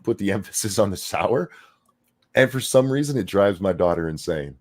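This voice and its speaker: A man's voice: on the low side, moderate pace. Middle-aged guy on a reaction stream, swears a lot, voice jumps all over. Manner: animated, profane, jokey. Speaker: co-host of a political reaction stream. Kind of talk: casual live reaction chat.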